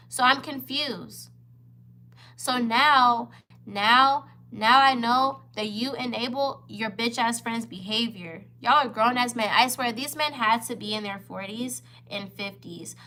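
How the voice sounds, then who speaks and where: Heated, bright-voiced young woman ranting. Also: a little high. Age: 20s. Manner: heated, profane, emphatic retelling. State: upset, near tears. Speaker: vlogger. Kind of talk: storytime rant to camera.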